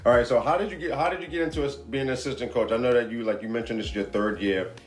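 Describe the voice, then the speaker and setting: A man's voice: mid-range voice, very fast. A man hosting a basketball podcast, loose and joking, laughing easily and fumbling through his questions. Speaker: podcast host. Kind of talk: casual podcast interview. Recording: roomy echo.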